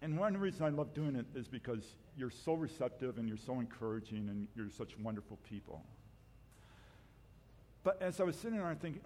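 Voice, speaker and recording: A man delivers a sermon in a church sanctuary, his pitch swinging widely as he jokes about himself. He often stops and restarts his sentences, and his voice rings with long reverb from the hall. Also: lively intonation, dark tone, a little hiss or hum. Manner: self-deprecating, joking, halting restarts. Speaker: guest preacher.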